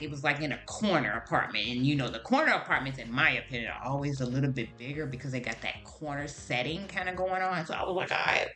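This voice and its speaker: A woman vlogger telling a story straight to her viewers, chatty and full of animated exclamations. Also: deep voice. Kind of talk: casual storytelling to the camera.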